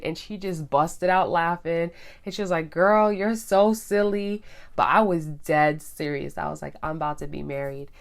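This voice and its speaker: Chatty young woman with a low voice. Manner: chatty, animated, slangy asides to viewers. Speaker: vlogger telling her love story. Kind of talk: casual storytelling to camera.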